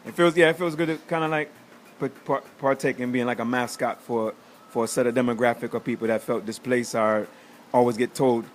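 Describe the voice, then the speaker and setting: Fast-talking New man telling stories. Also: mid-range voice, a little hiss or hum. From United States. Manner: animated, acts out quotes. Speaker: guest reggae artist. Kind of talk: casual chat, storytelling. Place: studio.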